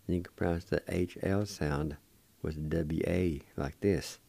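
A man's voice: low voice, steady tone, unhurried, vocal fry, dark tone, dry recording. A man hosting a radio language lesson who patiently spells each word letter by letter and repeats every pronunciation. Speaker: radio host teaching vocabulary.

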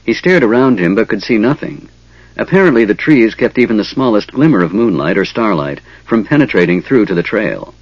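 Male audiobook narrator, expressive fantasy reading; husky tone, dull dry recording. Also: fairly low pitch, no echo. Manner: expressive, measured storytelling.

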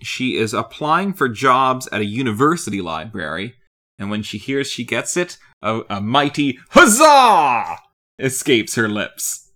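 A man's voice: mid-range voice, measured pace. A man co-hosting a casual podcast about a film, talking in a wry, joking way. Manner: lively, wry, deadpan jokes. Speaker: podcast co-host.

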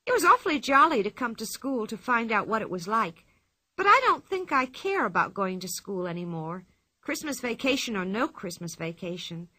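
A cheeky, chattering little girl spins tall tales in a bright, lively voice that jumps around in pitch, as a woman reading the story puts her on. The sound is dry and close. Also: normal speed, dry recording, exaggerated voice. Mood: chatty. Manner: excited and boastful, higher and louder. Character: bold chattering young girl, boastful and cheeky.

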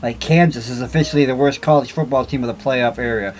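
A man's voice: medium pitch, fast, a little mellow, slight background noise, low-quality recording. A man co-hosting a casual chat, rambling and thinking aloud as he searches online. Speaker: podcast co-host.

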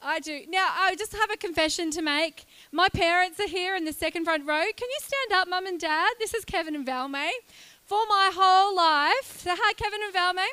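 A woman, preaching a lively, chatty sermon in a church and joking with the congregation. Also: very high-pitched, moderate pace. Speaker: guest preacher.

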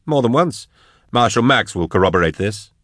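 A man voicing a prickly, defensive older male biologist in an audiobook, talking quickly and indignantly. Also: expressive, fairly bright tone, no room sound, clean studio sound. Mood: assertive. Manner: indignant, quick, higher pitched. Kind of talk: audiobook narration.

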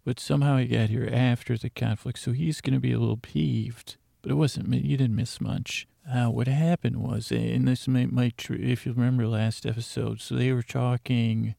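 Gravelly, low-key man as a rambling comic narrator who keeps breaking off into asides. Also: mellow, dry recording, clean studio sound. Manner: rambling, self-interrupting, chatty asides. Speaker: fictional narrator. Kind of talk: improvised comedic audio-drama narration.

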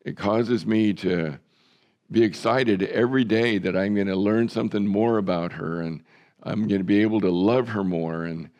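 A man's voice: on the low side, moderate pace, a little mellow, lo-fi sound. A man preaching a sermon as a pastor, in a conversational, folksy way with self-deprecating humor.

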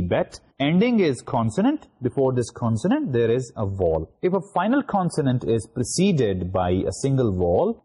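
A man's voice: mid-range voice, warm tone, breathy edge. A middle-aged man from Pakistan with a Pakistani English accent, giving a recorded university lecture and spelling words out letter by letter, with many fillers.

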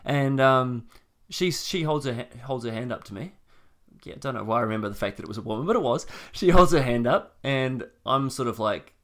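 A young man co-hosting a casual podcast, telling a story with animated repeats when worked up. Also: medium pitch, fairly quick. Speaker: podcast co-host.

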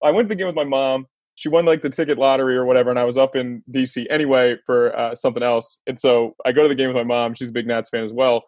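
A man's voice: mid-range voice, steady tone, fast, few pauses, a little mellow, no room sound. Guy podcast host telling a story, laughs mid-sentence, dry close mic. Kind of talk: casual sports chat.

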